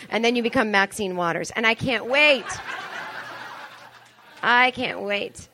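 At a live show with an audience, a comedian and podcast host in her forties talks in an unhurried, mid-range voice that's bright and forceful, with a little hiss or hum. Her stand-up monologue is chatty, profane, self-mocking, and full of asides.

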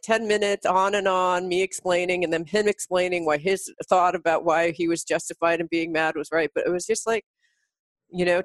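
A woman hosting a casual conversation, telling a personal story in a lively way and murmuring agreement often. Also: medium pitch, dry recording.

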